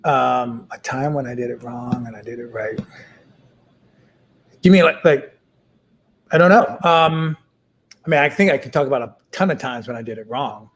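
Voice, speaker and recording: A middle-aged man talking casually as an interview guest, with many fillers and restarts. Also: medium pitch. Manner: halting, full of fillers and restarts.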